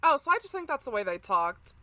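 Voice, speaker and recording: A woman's voice: sits high, very animated, fairly quick, sharp tone, no echo. A woman co-hosting a true crime podcast, jokey and bubbly, chiming in with questions and teasing remarks. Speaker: podcast co-host. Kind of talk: casual true crime chat.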